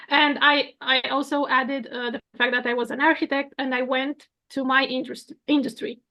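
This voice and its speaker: Woman, 30s, from Romania, high voice, gravelly, earnest. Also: level tone, normal speed, pushed and bright. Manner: earnest, with light laughs. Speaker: coaching guest, architect and coach. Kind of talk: casual conversation.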